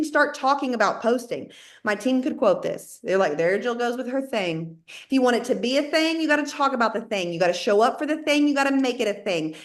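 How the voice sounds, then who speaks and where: A woman with a Southern accent, around her thirties, giving an animated motivational talk to her sales team and acting out her own inner voice as she talks. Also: fairly high pitch. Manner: animated, talks to herself and the listener, plays out inner dialogue. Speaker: network marketing team leader.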